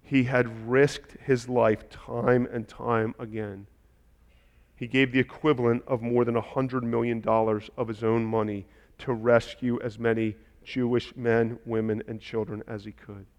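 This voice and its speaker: A man preaching a sermon as a pastor, impassioned and building to loud, emphatic delivery. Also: medium pitch, level tone, unhurried, big-room sound, highs cut off.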